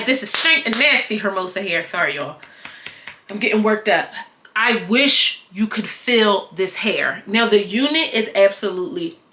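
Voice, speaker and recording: Woman chatting about a wig, bright kinda sharp voice, bit high, slangy and playful, echoey room. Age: adult, not young. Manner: animated, playful and slangy, addressing viewers directly. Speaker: beauty vlogger reviewing wigs. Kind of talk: casual product review chat.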